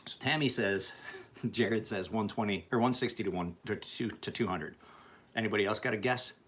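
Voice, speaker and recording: A man's voice: on the low side, normal speed, fairly bright tone. A man who sharpens and refinishes knives, chatting casually and profanely with viewers on a livestream. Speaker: knife sharpener.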